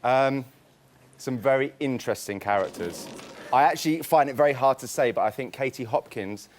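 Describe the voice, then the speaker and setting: A man's voice: medium pitch, moderate pace, a little hiss or hum. A man on a panel show giving opinions with dry, sarcastic quips. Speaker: panel guest.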